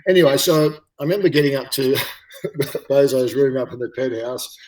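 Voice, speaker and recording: A middle-aged Australian man telling a story in an interview, halting and full of fillers and repeated words. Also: medium pitch, a little mellow. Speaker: interview guest, former rugby league player. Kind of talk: casual chat, storytelling. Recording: roomy, distant mic.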